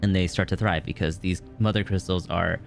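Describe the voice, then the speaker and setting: Streamer commentary: young man with a lowish, gravelly voice, rambling and casual over faint game music. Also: fairly even intonation, a little fast. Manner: rambling, many "like" fillers.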